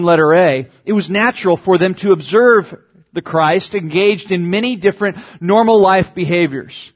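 A man's voice: high voice, slightly rough. A man preaching a sermon as pastor, teaching earnestly and stressing key words. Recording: dull lo-fi sermon recording.

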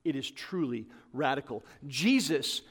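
Passionate preacher in a reverberant church. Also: male voice, expressive, measured pace, slightly rough. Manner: passionate, rising to emphatic peaks then dropping low. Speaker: pastor. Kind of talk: sermon. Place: church hall with congregation. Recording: long hall reverb.

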